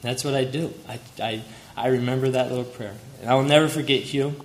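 A young man of medium pitch and fairly even intonation speaks a little fast, giving a memorial tribute full of fond stories about a family friend, chuckling along the way. There's a little hiss or hum, and the roomy hall has faint ambience.

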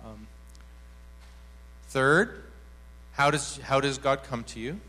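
A man's voice: mid-range voice, slow pace, pushed and bright. A man speaking at a church workshop, telling an anecdote and acting out the quoted voices with animation. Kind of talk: teaching talk with acted anecdote.

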